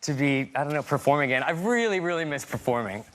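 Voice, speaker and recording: A man who is a musician, a guest on a talk show, speaking enthusiastically and warmly about his work. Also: on the high side, animated, fast talker. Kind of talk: casual talk-show chat.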